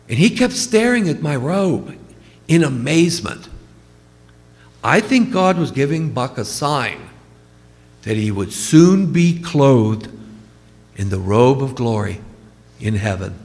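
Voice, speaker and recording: Priest, male, gravelly, conversational storyteller, church with long reverb. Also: medium pitch, darkish tone. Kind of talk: funeral homily.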